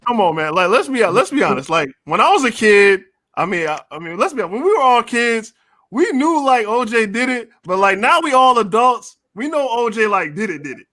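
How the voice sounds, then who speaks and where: Animated, high-voiced male sports talk host. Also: fairly quick, no room sound. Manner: animated, joking, lots of repeated phrases.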